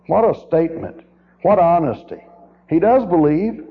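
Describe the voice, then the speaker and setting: A man's voice: on the high side, moderate pace. A man preaching a sermon as a guest speaker, emphatic, with rhetorical questions and runs of repeated phrases. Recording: tinny, narrow-band old tape recording.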